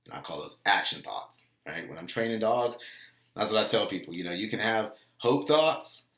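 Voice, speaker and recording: Gravelly-voiced man giving earnest pep talk. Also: fairly low pitch, lively intonation, moderate pace, fairly bright tone, reverberant. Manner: earnest, repeats phrases, acts out dialogue. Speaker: motivational vlogger and dog trainer. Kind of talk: casual motivational monologue.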